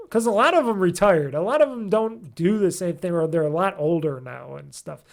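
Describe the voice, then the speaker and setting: A man's voice: high-pitched, animated, a little slow, gravelly. A man hosting a gaming podcast alone, chatting casually and rambling with lots of ums and curse words as he searches for names. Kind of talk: casual solo podcast chat.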